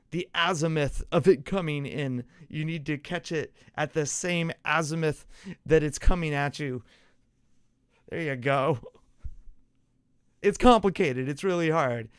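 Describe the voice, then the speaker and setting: A man's voice: on the high side, unhurried, clean tone, no echo, studio quality. A man hosting a casual solo sports podcast, rambling through an explanation, acting it out with gestures and correcting himself along the way. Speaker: podcast host.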